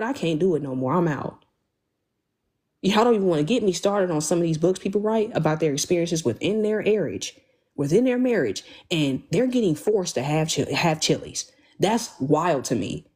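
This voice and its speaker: A young woman sits in front of her webcam hosting a live stream, speaking in loose, slangy, emphatic bursts. Her voice is husky and sits a little low. She keeps breaking off to read comments and thank viewers. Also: darkish tone. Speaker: livestream host. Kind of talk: casual livestream talk.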